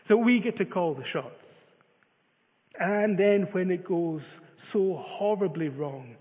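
A man's voice: sits high, lively intonation, takes it slowly. A man preaching a sermon, telling a story with many filler uhs. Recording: phone-like reverberant sound.

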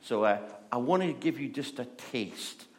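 A man giving a relaxed, conversational sermon in a middle-pitched voice. He jokes with his listeners, then often sinks into a soft, near-hushed delivery. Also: a little slow. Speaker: preacher.

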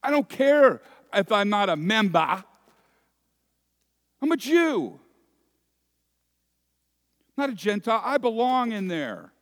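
A preacher voicing a shut-out guest, pleading. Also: male voice, very high-pitched, expressive, very slow, pauses often, dry recording, studio quality, pitched above the performer's own voice, full character voice. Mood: enraged. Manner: protesting, raised and strained. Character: indignant shut-out guest pleading at a locked door. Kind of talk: sermon.

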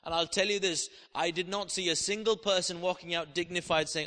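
A high-pitched male preacher with a bright, gravelly edge delivers an impassioned sermon. He moves from hushed prayer to ringing declarations. The sound carries the long reverb of a large hall. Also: fairly even intonation, a little fast.

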